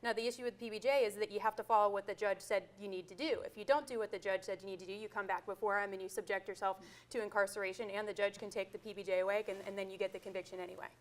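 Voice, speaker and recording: A woman lawyer speaks quickly and clearly in a courtroom, laying out a legal process for students. Her voice sits at a middle pitch. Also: fairly even intonation. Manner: brisk and clear. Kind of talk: explaining legal terms.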